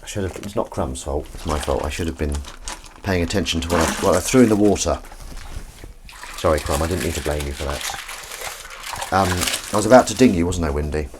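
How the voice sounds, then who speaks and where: This low-pitched man talks briskly while hosting a relaxed live stream in his home kitchen. He rambles through anecdotes and sweet-talks his cat over, and the recording is very noisy.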